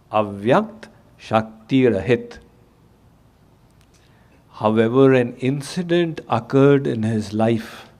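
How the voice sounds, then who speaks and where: A man giving a sermon, telling a story in a measured way. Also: medium pitch, a little mellow. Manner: slow, measured storytelling with dramatic quoted voices. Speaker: spiritual teacher.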